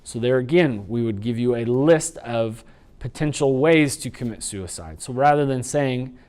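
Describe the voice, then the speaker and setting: A man teaching a sign language training unit in an instructional lecture, explaining patiently and slowing down to demonstrate. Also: mid-range voice, lively intonation, darkish tone. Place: training video recording.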